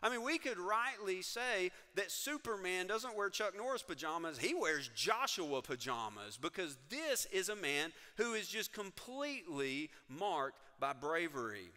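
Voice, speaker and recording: A man's voice: high voice, very animated, measured pace, few pauses, sharp tone, long reverb tail. A man preaching a sermon as pastor, telling the story with emphatic, building energy. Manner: emphatic and storytelling, with rising energy on key points. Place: church sanctuary.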